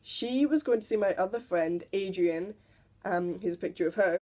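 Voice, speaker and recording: A woman's voice: medium pitch, normal speed, dark tone. A teenage girl telling stories to camera in a casual, giggly way, now and then mimicking people. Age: teens. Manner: chatty, giggly, mimics people in quoted voices. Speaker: vlogger.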